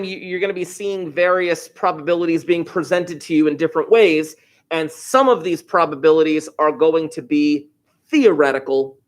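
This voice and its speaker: A middle-aged man from New Jersey, a high school math teacher giving a classroom lecture full of chatty, enthusiastic asides.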